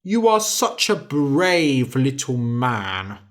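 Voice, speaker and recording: Casting: mean storybook giant, put on by the narrator, slow and grudging, with a lot of rise and fall in the voice. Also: medium pitch, big pitch swings. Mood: gruff. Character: huge mean-tempered male giant.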